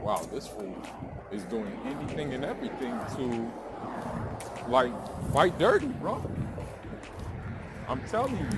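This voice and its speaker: A man giving casual, slangy, emphatic boxing commentary, recorded outdoors near traffic. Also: high voice. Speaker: sports commentator. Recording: loud background noise.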